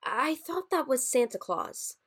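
A woman's voice: high voice, sing-song, measured pace, fairly bright tone, slightly rough, voice pushed up, full character voice. A lonely grieving man read by a woman. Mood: alarmed. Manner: blunt and swearing.

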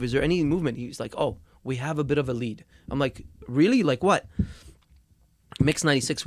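A young man talking as a musician guest in a casual interview, telling his story with lots of swearing and repeated words, and getting loud when angry. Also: mid-range voice, dry recording.

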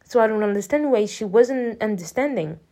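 A podcast host in her early twenties tells a personal story in a casual, rambling way, quoting everyone with "I was like" and coming close to tears at times. Her fairly high voice is animated and mellow at a normal pace.

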